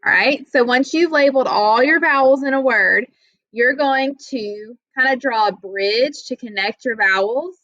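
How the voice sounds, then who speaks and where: A woman with a bright, forceful voice walks young readers through a phonics lesson, patient and step by step. Her voice sits a little high, and she often checks in with the class. The audio is dull and lo-fi, with a dry, close sound. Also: measured pace, no room sound. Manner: patient, step-by-step explaining with frequent "okay?" checks. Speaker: teacher. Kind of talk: reading lesson for children.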